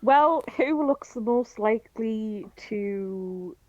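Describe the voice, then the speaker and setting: A woman's voice: on the high side, expressive, slow, a little mellow, no room sound. A woman playing a tabletop game, blunt and amused. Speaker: player. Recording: slightly dull sound.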